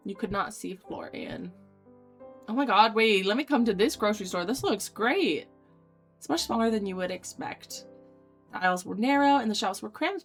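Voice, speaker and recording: A young woman streamer reading a dating sim aloud, voicing its lines dramatically and breaking off into loud excited reactions. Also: mid-range voice.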